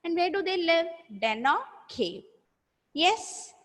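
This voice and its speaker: Slow, high-voiced teacher woman. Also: sing-song, a bit bright. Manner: slow, drawn-out words for children to repeat; firm, scolds and praises pupils by name. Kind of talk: online class, call and repeat. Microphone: video call. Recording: long reverb on voice.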